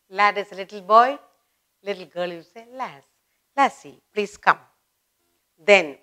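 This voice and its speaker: A woman with an Indian English accent teaching an English grammar lesson to children, repeating words slowly with emphasis. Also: mid-range voice, pushed and bright.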